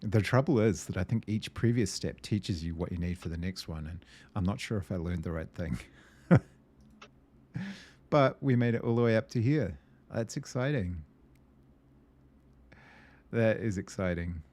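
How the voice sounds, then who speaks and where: A man hosting a gameplay video, thinking aloud and muttering to himself as he works through a puzzle game, hesitant and easily excited. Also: on the low side, normal speed, long pauses.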